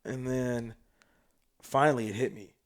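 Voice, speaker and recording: This South Sudanese man is a podcast guest telling a story in casual conversation, with a mid-range voice and a measured pace. He's animated and slangy, swinging between loud bursts and hushed asides.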